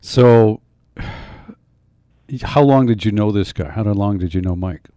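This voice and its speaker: A man's voice: fairly low pitch, unhurried, mellow, no room sound, clean studio sound. A man hosting an interview who asks probing, leading questions. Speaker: host.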